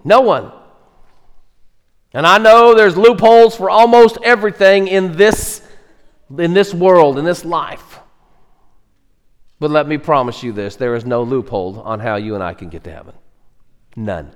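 A man's voice: mid-range voice, expressive, unhurried, clean tone. A pastor preaches a sermon earnestly and emphatically, often repeating words as he builds. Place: church sanctuary. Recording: echoey church hall.

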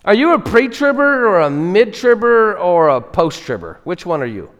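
A man's voice: sits high, big pitch swings, normal speed, a bit bright, muffled recording, pitched above the performer's own voice, heavily acted. A man voicing a puzzled angel who quizzes insistently. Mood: quizzing. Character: puzzled, probing male angel questioner. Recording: echoey hall reverb.

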